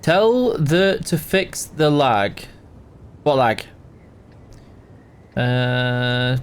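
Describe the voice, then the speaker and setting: A man's voice: medium pitch, lively intonation, drawn-out words, long pauses, clean tone. A man hosting a casual live game stream, greeting viewers by name and answering chat while tired and yawning.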